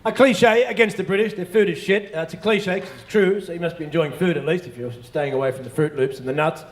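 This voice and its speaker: A man's voice: a little high, fast, a little hiss or hum. An Australian man doing a profane, rambling stand-up routine on stage in a large hall. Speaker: stand-up comedian. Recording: echoey live venue recording.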